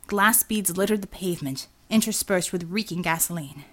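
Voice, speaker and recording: A woman narrating an audiobook with a steady, expressive reading. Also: on the low side, normal speed. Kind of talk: scripted narration.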